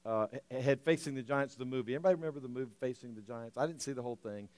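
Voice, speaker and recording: A man preaching a sermon, telling a story with animated, emotional swells and frequent restarts. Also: medium pitch, very fast, dry recording. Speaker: pastor.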